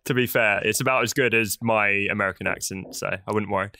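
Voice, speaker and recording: Bright-voiced British podcast host. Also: male voice, lowish voice, steady tone, fast talker, no echo, clean studio sound. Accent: British English. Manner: playful, teasing, enthusiastic. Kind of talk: upbeat podcast chat with jokes.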